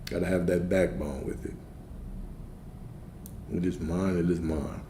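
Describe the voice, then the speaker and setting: A man's voice: sits low, steady tone, unhurried, mellow. A man teaching on a livestream and answering his chat in a laid-back way, often repeating himself and checking in with "right?". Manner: repetitive, checks in with frequent "right?". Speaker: spiritual coach and streamer. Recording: roomy sound with faint background noise.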